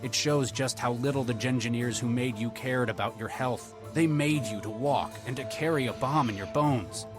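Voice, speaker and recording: An actor playing a calm, persuasive negotiator doctor with a Texan accent, speaking in measured tones. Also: male voice, mid-range voice, natural voice. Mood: steady. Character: calm middle-aged male negotiator doctor. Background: game music.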